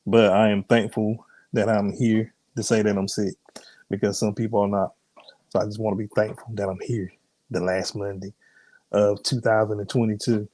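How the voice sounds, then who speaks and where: Hosting a live ministry stream while ill, this minister has a warm, lowish voice that sounds strained. He makes casual conversation and welcomes viewers by name before moving into prayer and a sermon, with no echo on the audio.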